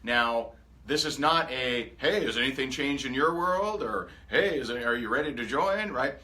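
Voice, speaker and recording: An energetic man leads a coaching session with a bright, forceful voice. He talks to his group with lots of drive and animation, slipping into quick acted-out examples of what to say. His pitch sits in an ordinary middle range. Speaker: sales coach. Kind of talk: motivational training talk.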